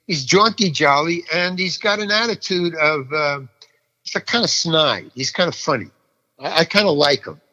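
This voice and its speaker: Older male actor, raised pitch, acts out every voice in his anecdote, reverberant room. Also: lively intonation, normal speed, pushed and bright, dull audio. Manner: restless, repeats himself, acts out each person in the story. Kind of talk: animated storytelling.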